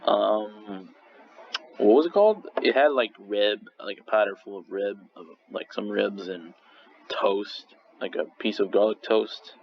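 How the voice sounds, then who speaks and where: A young man casually ranking restaurants in a rambling, swearing vlog monologue full of restarts. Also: lowish voice. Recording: slightly dull lo-fi recording with faint noise.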